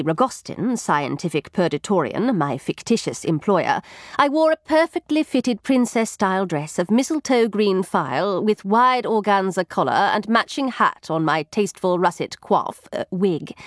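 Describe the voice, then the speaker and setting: A woman narrating an audiobook with a lively, expressive reading. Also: medium pitch, moderate pace, dry recording, studio quality.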